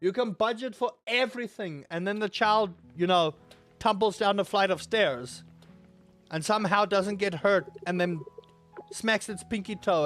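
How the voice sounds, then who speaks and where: A man streaming a game, telling rambling, animated stories with sudden loud outbursts. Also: high voice. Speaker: gaming streamer. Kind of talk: casual stream chat while playing.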